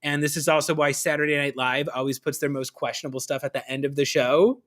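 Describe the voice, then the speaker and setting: A man hosting a casual live-stream conversation, telling stories with a lively comic delivery. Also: a little high, quick pace. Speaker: host.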